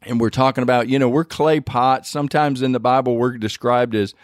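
A man's voice: mid-range voice, fairly even intonation, a little fast, no room sound, studio quality. A man hosting a faith podcast, telling his testimony in an earnest, rambling way with many restarts. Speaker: podcast host.

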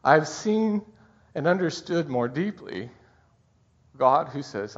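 Husky-voiced middle-aged pastor, heartfelt. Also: male voice, a little high, lively intonation. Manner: heartfelt, halting, tearful at times. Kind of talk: Christmas sermon. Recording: dull muffled recording.

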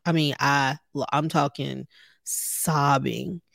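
A woman in her thirties shares her faith in an earnest, conversational podcast style and speaks straight to her listeners. Her voice sits low, with a gravelly fry at the edges. The recording is dry and close. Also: fairly even intonation, takes it slowly, a bit bright, no echo. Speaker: podcast host. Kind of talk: personal faith podcast talk.

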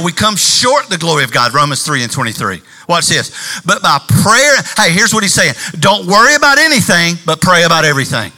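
Male pastor, sermon delivery, bright high-ish voice, faint music bed. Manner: animated preacher, shifting volume and pace.

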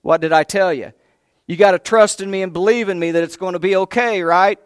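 A man voicing Jesus as a calm grown man who gives firm, reassuring commands. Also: a little high, a little slow, smooth, close to an everyday voice.

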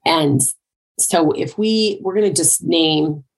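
Middle-aged woman coach, low husky voice with some fry, chatty motivational talk. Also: slow pace. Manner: conversational, with many "like" and "right?" asides. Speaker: triathlon and life coach. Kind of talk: motivational monologue.

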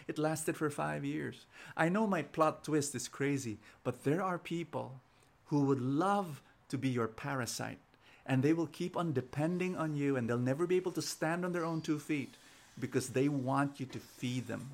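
A man's voice: a little high, moderate pace, vocal fry. A man, preaching an inspirational sermon and telling stories, often repeating words as he starts sentences. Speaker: preacher and show host.

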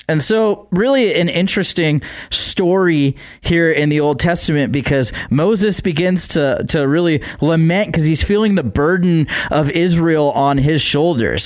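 Radio devotional speaker, male, earnest and conversational, somewhat higher voice, close dry mic. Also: moderate pace, hardly any pauses, dry recording. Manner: earnest, conversational preaching with filler words. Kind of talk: Bible reading and devotional commentary. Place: radio studio.

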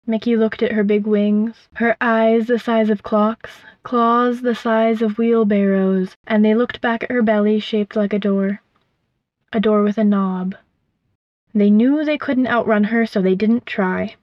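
A woman reading a storybook aloud in a gentle, measured, vivid way, in a dull, dry recording. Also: a little high, dry recording. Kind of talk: scripted storybook narration.

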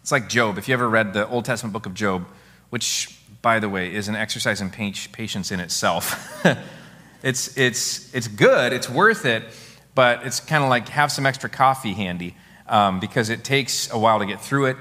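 A middle-aged man preaching a sermon, telling family stories in an animated way. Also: fairly low pitch, moderate pace. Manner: storytelling, animated, laughs at his own stories. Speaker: pastor. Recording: long hall reverb.

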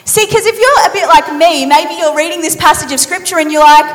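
A woman preacher giving a sermon in a lively, conversational, playful storytelling manner. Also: very high-pitched, brisk. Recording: reverberant hall.

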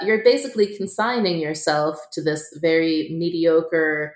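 A woman talks through ideas as an interview guest, her voice sitting low. She is casual and conversational, laughing often and scattering fillers. The sound bounces around an echoey room. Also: fairly even intonation, normal speed, hardly any pauses. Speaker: author and guest.

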